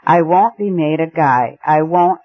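A man's voice: fairly high pitch, unhurried. A man reading aloud as a big, panting old baronet who blusters indignantly. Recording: muffled lo-fi recording.

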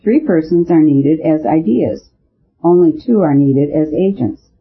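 A shrewd little priest speaks in a calm, patient, slightly gloomy way, as a male reader gives him voice. The tone is husky and a touch high, squeezed into a narrow, phone-like band. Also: measured pace.

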